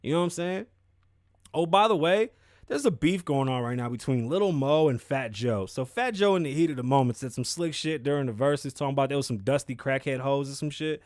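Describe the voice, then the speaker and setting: Animated, cussing male podcast host. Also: mid-range voice, a little fast, no room sound, studio quality. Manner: animated, profane, emphatic. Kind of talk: casual news commentary.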